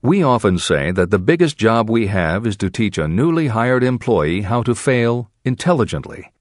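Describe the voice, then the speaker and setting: Role: audiobook narrator. Sex: man. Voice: low with lively intonation. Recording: dry and close. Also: moderate pace, no room sound.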